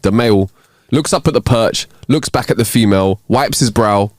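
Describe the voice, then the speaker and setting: A man co-hosting a casual comedy podcast, reading listener jokes aloud and playing the characters with lively put-on voices. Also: fairly low pitch, moderate pace, dry recording, studio quality. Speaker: podcast co-host.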